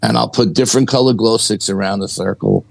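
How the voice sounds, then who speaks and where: Gravelly low-voiced man telling a story. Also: steady tone, brisk, dry recording, poor audio. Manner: chatty anecdotal telling, acts out quoted dialogue, frequent "you know". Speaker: paranormal investigator, podcast guest. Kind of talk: casual storytelling.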